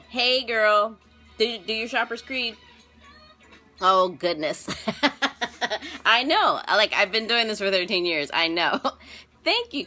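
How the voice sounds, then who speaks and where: A bubbly woman with a bright, forceful voice hosts a casual live stream as a wardrobe stylist. She laughs often and chats warmly with viewers, calling out their names. Faint music plays behind her. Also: mid-range voice.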